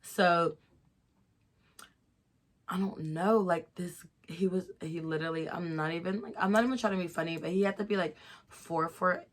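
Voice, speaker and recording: Young woman vlogger, low-pitched, giggly and tipsy, casual storytelling to camera. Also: fairly even intonation, normal speed, pauses often. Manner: chatty, giggly, addresses viewers as y'all. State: tipsy, a little stuffy.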